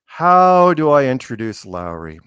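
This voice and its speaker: A man's voice: mid-range voice, sing-song, measured pace, fairly bright tone, slight background noise. A man hosting a casual talk show, telling a teasing made-up story about his guests. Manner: teasing storyteller, quotes people in put-on voices. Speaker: podcast host. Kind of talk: casual chat.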